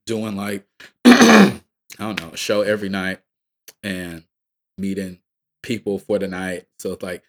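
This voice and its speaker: A man's voice: low-pitched, lively intonation, unhurried, long pauses. A man from Atlanta with a Southern accent, a rapper guest telling a loose, profane tour story and laughing often. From Atlanta, Georgia. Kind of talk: casual storytelling.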